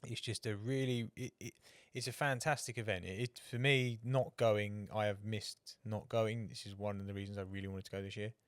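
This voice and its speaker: Swearing, rambling podcast co-host. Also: male voice, on the low side, steady tone, moderate pace, hardly any pauses, clean tone, no room sound. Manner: swears freely, tells rambling anecdotes with acted quotes. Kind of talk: casual chat.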